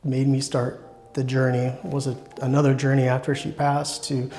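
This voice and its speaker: A man sharing a personal faith testimony in an earnest, reflective way, pausing and restarting as he speaks. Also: medium pitch, flat delivery, creaky, a little mellow, a little hiss or hum. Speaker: church member sharing testimony.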